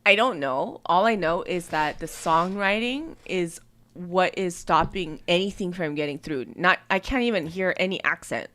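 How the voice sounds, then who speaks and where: A woman's voice: on the low side, normal speed, bright, forceful tone, a little hiss or hum. Chatty woman hosting a music review. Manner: chatty, many fillers and restarts. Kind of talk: casual livestream chat.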